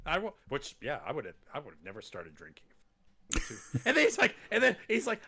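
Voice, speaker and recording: On his wrestling podcast, this host talks fast with a fairly bright tone, some vocal fry, and big swings in his slightly high pitch. His casual chatter rambles from joke to joke, and he performs quotes in silly voices.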